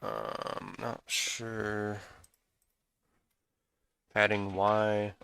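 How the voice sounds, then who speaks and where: A man's voice: fairly low pitch, fairly even intonation, extremely slow, gravelly, bright, forceful tone, clean tone, dry recording. A man talking through his programming work in a casual coding walkthrough, thinking aloud as he goes. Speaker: programmer screencasting code.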